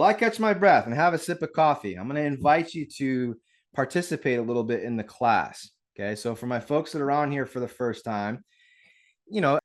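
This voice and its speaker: Over a video call mic, a man with a mid-range voice runs a live real estate webinar. He speaks right to his audience with an energetic, upbeat delivery.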